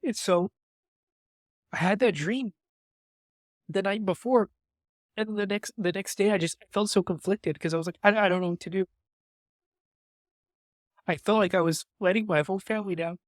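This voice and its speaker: A young man's slightly high voice, recorded dry and close with no room sound. He tells a candid personal story as a podcast guest, halting and full of restarts and fillers. He is openly moved and emotional as he talks. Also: no echo.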